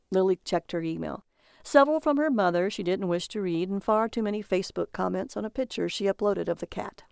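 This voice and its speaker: A woman's voice: mid-range voice, fairly quick, creaky, darkish tone, dry recording. A woman reading a comic short story aloud as narrator, in a dry, matter-of-fact manner.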